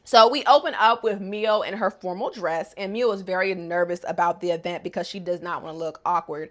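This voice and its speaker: A woman's voice: medium pitch, lively intonation, moderate pace, hardly any pauses. Young woman anime recapper, casual, slangy, jokey delivery. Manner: chatty, slangy, joking.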